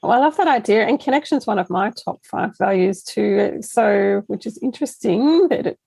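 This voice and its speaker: A woman hosting a podcast interview, asking gentle, affirming questions. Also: medium pitch, lively intonation, normal speed, vocal fry, breathy edge, no room sound, poor audio. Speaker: podcast host.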